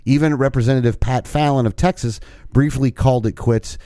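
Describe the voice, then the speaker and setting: A man's voice: mid-range voice, fairly even intonation, a little fast, warm tone, no echo, clean studio sound. Rambling podcast co-host man. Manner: rambling, restarts, reads news aloud. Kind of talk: casual chat.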